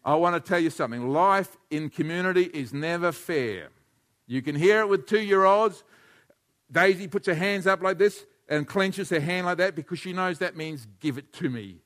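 Man, pastor, sermon, animated, hushed to near-shouting, chuckling, high voice, bright tone. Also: moderate pace. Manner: chuckles often between points.

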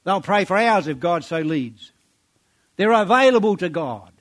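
Animated yet a little slow, this preacher reads from scripture and presses the congregation with rhetorical questions. His words of praise fall low and quiet.

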